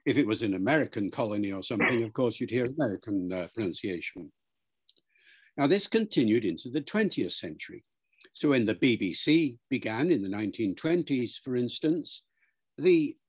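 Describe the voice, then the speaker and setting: A man answering interview questions as a language expert, in a measured, lecturing way. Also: mid-range voice, husky.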